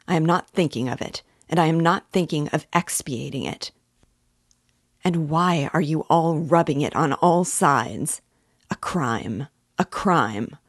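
A woman's voice: low voice, breathy edge, no echo, studio quality, exaggerated voice. Woman reading as a bitter, brooding young man. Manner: brooding, bursts into fury.

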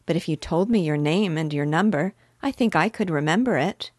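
Storybook girl: a woman reading as an earnest, polite little girl, low and dry. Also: fairly quick, a little mellow, no echo.

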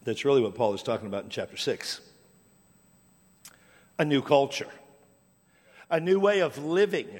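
A man's voice: mid-range voice, sing-song, normal speed, long pauses, a little mellow, big-room sound. A middle-aged pastor from Washington State preaching a sermon, telling stories and repeating phrases as he builds a point. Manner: storytelling, repeats words when building a point.

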